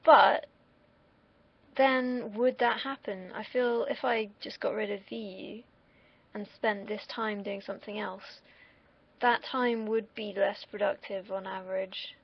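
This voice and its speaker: A woman's voice: mid-range voice, steady tone, unhurried, creaky, husky, muffled recording. A young woman from the UK, vlogging in a casual, rambling monologue that wanders off on tangents, with the odd swear word. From United Kingdom.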